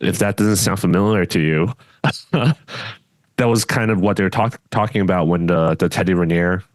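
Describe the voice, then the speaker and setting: A man's voice: deep voice, moderate pace, no room sound. A man co-hosting a podcast, chatting casually and bluntly, often trailing off and restarting his sentences. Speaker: podcast co-host.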